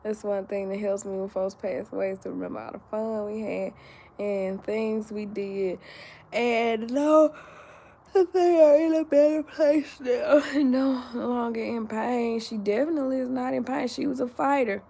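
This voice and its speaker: Sleepy woman livestream host, casual and slow-paced, slightly high with a gravelly fry. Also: steady tone, dark tone. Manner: slow and drowsy, talks straight to viewers. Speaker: livestream host reading viewer comments. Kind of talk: casual live chat.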